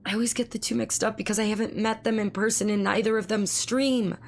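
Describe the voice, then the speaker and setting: A woman streamer in casual live-stream chat, with a hoarse, strained voice, who swears freely and talks back to her chat. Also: medium pitch, fairly even intonation, fast talker. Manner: chatty, swears freely, reads chat aloud.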